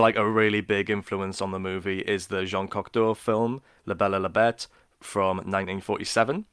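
Low, smooth-voiced man explaining film history. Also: fairly bright tone, no echo, studio quality. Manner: informative, jokey, laughs often. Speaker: podcast co-host. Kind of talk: casual film history chat.

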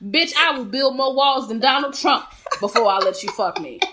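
A woman with a slightly high voice co-hosting a casual podcast. She rants bluntly and swears freely, with lots of energy. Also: moderate pace, a little hiss or hum. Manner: blunt, profane, animated ranting. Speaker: podcast co-host. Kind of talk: casual chat.

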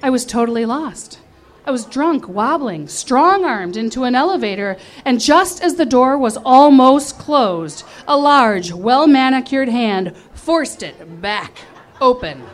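Animated, high-voiced woman storyteller. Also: measured pace. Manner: animated, emotional, self-mocking. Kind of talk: performed personal storytelling.

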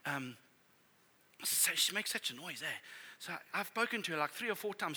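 A middle-aged man preaching a sermon as a pastor, telling family stories in a conversational, animated way. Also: a little high, a little fast, slightly rough.

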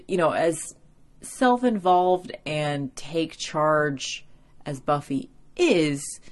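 A young adult woman hosting a podcast, giving a chatty, profane episode recap full of "like," sounding tired after a workday. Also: low-pitched. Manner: chatty, profane, heavy use of "like". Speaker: podcast host.

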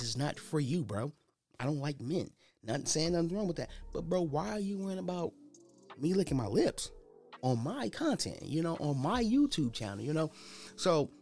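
A man's voice: medium pitch, darkish tone. A young man hosting his own podcast, talking unscripted in a loose, rambling, slangy way. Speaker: podcast host. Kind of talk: unscripted casual monologue.

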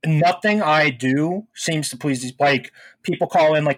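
A young man talks in a casual podcast chat, ranting profanely about rude callers. His voice sits a little high and sounds husky. He tells his stories with plenty of animation. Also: fairly quick, dry recording. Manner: profane, venting, animated storytelling. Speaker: podcast co-host.

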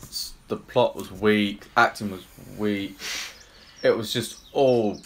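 A man's voice: lowish voice, fairly even intonation, slow, a little hiss or hum. A man co-hosting a podcast, chatting casually about a film and giving blunt, dismissive verdicts. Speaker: podcast co-host. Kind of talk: casual film review chat.

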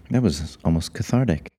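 A man's voice: low-pitched, mellow. A man hosting a casual recording, wry and self-mocking. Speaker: podcast host. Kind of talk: casual chat and monologue.

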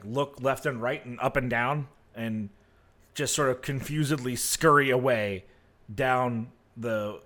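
Man, game master, slow relaxed narration, fillers, mid pitch.

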